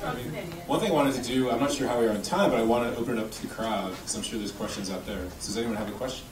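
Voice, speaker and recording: Quick-talking male host in an echoey venue. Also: mid-range voice. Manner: quick, casual, filler words. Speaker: interviewer and host. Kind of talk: live interview before an audience. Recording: echoey room, far from the mic, audience noise.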